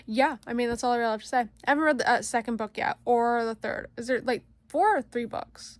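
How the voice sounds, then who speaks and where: Woman, book vlogger, bubbly and excitable, slightly high voice, casual chat. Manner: gushing, excitable, repeats words for emphasis; sounds out fantasy names slowly, stumbling and laughing.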